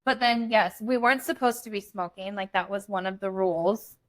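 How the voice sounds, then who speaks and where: A young woman with an average-pitched voice tells a story in a relaxed podcast chat. She is blunt and lively and swears without hesitation. She keeps the story rolling between quick asides. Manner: animated, blunt, swears freely. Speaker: podcast co-host.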